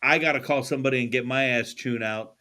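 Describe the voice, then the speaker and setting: A man's voice: mid-range voice, fairly even intonation, quick pace, pushed and bright. A man hosting a podcast in casual chat from a studio, swearing freely and laughing often. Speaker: podcast host.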